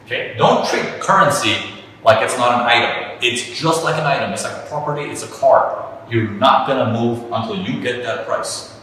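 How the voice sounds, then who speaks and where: A man teaching trading in an animated way, often repeating himself and acting out examples, recorded from a distance in an echoey hall. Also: medium pitch, moderate pace, slight background noise. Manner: energetic, repetitive, acts out examples. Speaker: trading instructor.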